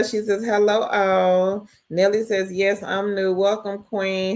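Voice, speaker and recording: A woman's voice: mid-range voice, little pitch movement, slow pace, few pauses. A woman hosting a casual live stream, greeting viewers by name and reading their chat messages aloud. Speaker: livestream host.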